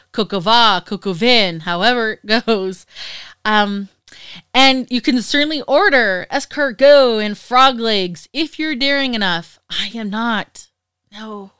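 A woman talks through travel tips in a chatty, playful way, laughing off the names she stumbles over. Her voice is bright and smooth, recorded close and dry with no room sound. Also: medium pitch, no room sound. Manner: chatty and playful, jokes about her own mispronunciations. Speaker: travel vlogger. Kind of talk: casual travel guide talk.

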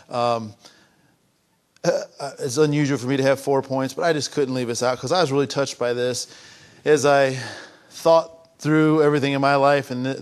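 An older man preaching a sermon, who moves between raised, emphatic passages and soft, hushed, confiding ones, often repeating and restarting his phrases. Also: medium pitch. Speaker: pastor.

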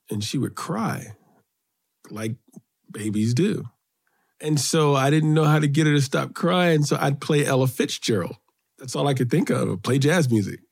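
A middle-aged man from Brooklyn, New York, guest in an interview, telling childhood stories in an animated way, his voice lifting when excited. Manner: animated storyteller, rises in pitch when excited. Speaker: guest, children's author and poet. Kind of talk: storytelling interview.

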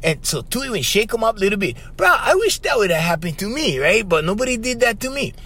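A man with a Hawaiian Pidgin-tinged accent, hosting a podcast and telling a story in a casual monologue, animated and always saying "bro" and "right?". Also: sits high, fairly quick. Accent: Hawaiian Pidgin-tinged English. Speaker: podcast host.

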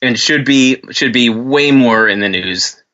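A male podcast co-host with a medium-pitched voice speaks a little slowly, telling animated, profane stories in casual chat and acting out the voices of the characters. The highs are cut off, with a little hiss or hum in the background.

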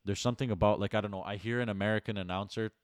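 A man's voice: lowish voice, steady tone, racing, dry recording, studio quality. A man from Canada co-hosting a casual podcast, arguing his point in a laid-back way with easy laughs. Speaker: podcast co-host. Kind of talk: casual chat.

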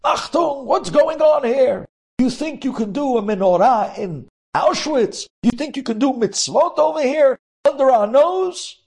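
A man voicing furious soldiers who yell and threaten in a dramatic story. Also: extremely high pitch, lively intonation, measured pace, vocal fry, husky, voice pushed up, full character voice. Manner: yelling, menacing. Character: furious male soldiers barking orders.

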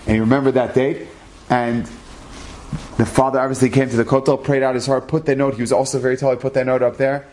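A man's voice: mid-range voice, flat delivery, fast talker, a little mellow, slight background noise. Earnest man telling a religious story. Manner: earnest, sprinkles Hebrew terms, acts out quoted dialogue.

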